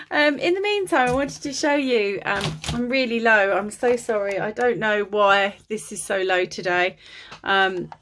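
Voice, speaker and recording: A woman's voice: on the high side, moderate pace, a bit bright. A woman vlogging about her crafts, chatty and apologetic with many ums, tired and a bit out of breath, filmed on a phone at home. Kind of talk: casual chat to camera. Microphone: phone on a holder.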